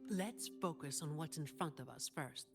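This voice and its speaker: An actress playing a composed young woman companion in a video game, speaking softly and evenly. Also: deep voice, music in the background. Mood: calm. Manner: soft-spoken, measured.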